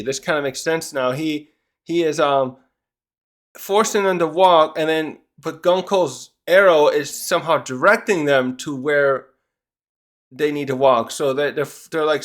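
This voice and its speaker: A man casually reviewing a comic chapter, thinking aloud with many restarts and acting out characters' lines. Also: on the high side. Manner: rambling, full of restarts and fillers; animated, acts out characters' lines. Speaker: manga reviewer.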